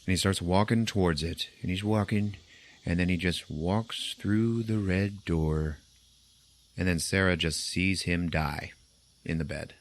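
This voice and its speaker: A man's voice: low-pitched, a little slow. A man hosting a podcast, casually retelling a movie's plot, acting out the characters' lines and laughing often. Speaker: podcast host. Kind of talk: casual film recap.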